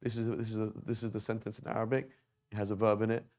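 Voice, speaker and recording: A man with a fairly low voice teaches a classroom grammar lesson. He explains patiently and keeps checking in with his students as he writes at the board. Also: level tone, quick pace, darkish tone. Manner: explains patiently, repeats and checks with "right?" and "okay?". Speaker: Arabic teacher. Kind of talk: classroom lesson on verb conjugation.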